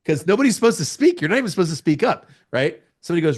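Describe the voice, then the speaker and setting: A middle-aged man from the United States, a podcast guest telling a story in a casual interview, laughing often and jumping to a much higher pitch at the exciting moments. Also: racing, vocal fry.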